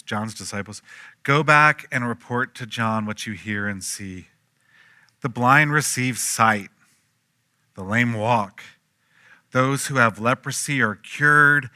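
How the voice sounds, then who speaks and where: Man, pastor, sermon, bright tone, dry close sound, animated storytelling. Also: mid-range voice, no echo. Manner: animated storytelling, acting out quoted voices, swinging from hushed to loud.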